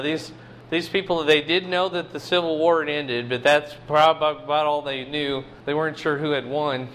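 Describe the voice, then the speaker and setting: A man's voice: a little high, fairly bright tone, slight background noise. A man in his fifties preaching a casual sermon in a folksy way, with joking asides. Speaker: pastor.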